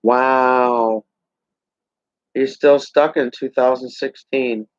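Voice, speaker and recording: Slow, ranting man on a dull recording. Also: medium pitch, fairly even intonation, no room sound. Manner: heated, sarcastic, rambling. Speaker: vlogger. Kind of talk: political rant to camera. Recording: dull lo-fi sound.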